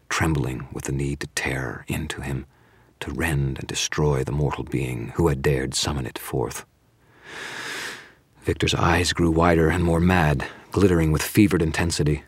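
A man narrates a gritty first-person story in a measured, dramatic manner. His voice is very deep with a husky grain. The recording is close and dry, with no room sound. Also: no echo. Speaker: audiobook narrator. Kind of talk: scripted narration.

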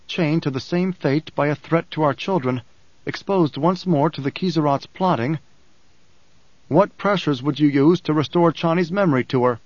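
A man's voice: a little high, no room sound, lo-fi sound, close to an everyday voice. A man voicing a blind male leader who speaks in a restrained, tightly controlled way. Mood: brooding.

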